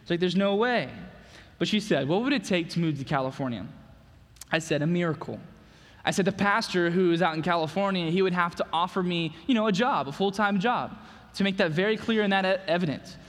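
High-voiced man preaching in a reverberant hall. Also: a bit bright. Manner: earnest, repeats words, speaks in quick bursts. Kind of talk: sermon with personal testimony and prayer. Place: church sanctuary. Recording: long reverb of a church hall.

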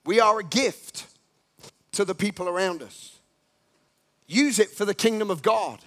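Male preacher with a high voice, emphatic and repetitive, swinging from quiet asides to loud calls to action. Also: unhurried. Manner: emphatic, repetitive exhortation with sudden loud rallying cries. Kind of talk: sermon.

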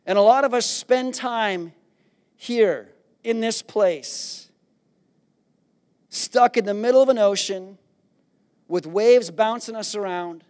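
A man preaching a sermon, retelling a scripture story in a playful, animated way and acting out the characters. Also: high voice, clear, resonant tone. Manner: animated storytelling, acts out disciples with a raised voice; playful, jokes with the congregation. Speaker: pastor.

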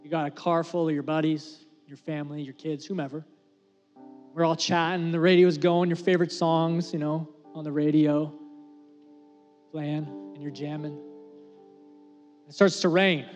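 A man's voice: a little high, little pitch movement, normal speed, pauses often, long reverb tail, faint music behind. Earnest male pastor preaching. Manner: earnest and conversational, drops to a hush for emphasis. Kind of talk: sermon. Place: church sanctuary.

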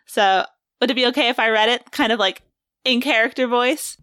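A woman's voice: a little high, brisk, fairly bright tone. A woman co-hosting a casual book discussion, thoughtful and hedging.

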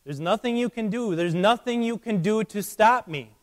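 A man's voice: high voice, moderate pace, long reverb tail, pitched above the performer's own voice, lightly acted. A man voicing Death as a cold, merciless, taunting figure in a sermon illustration. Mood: menacing. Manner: loud, raised and insistent.

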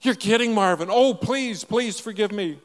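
A man's voice: sits high, moderate pace, big-room sound, pitched above the performer's own voice, natural voice. A man doing a pleading, remorseful old father.

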